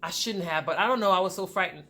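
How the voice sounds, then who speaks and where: A woman's voice: lowish voice, fast, bright, forceful tone. A woman vlogger telling a personal relationship story straight to her viewers, with emphasis.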